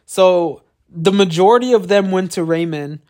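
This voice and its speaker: A man's voice: high voice, normal speed, darkish tone. A congested man co-hosting a casual chat, rambling, swearing a lot and laughing often. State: congested, coughing. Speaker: podcast co-host.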